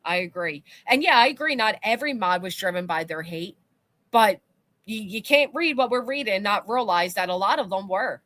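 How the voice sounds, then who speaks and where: A woman's voice: mid-range voice, expressive, moderate pace, fairly bright tone, no echo. A woman co-hosting a casual commentary chat, blunt and swearing freely as she reads out viewer comments. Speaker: co-host.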